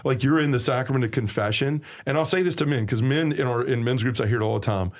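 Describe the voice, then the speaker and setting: A man with a Southern US accent speaks earnestly, with a preacher's emphasis. His voice sits at an ordinary middle pitch as he shares his testimony as a podcast guest. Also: fast. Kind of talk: personal testimony in a podcast conversation.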